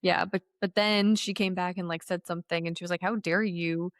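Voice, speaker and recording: A woman's voice: fairly low pitch, quick pace, no room sound, studio quality. A woman co-hosting a podcast in casual chat, swearing, laughing often and acting out quotes. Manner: animated, profane, laughs often, acts out quotes. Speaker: podcast co-host.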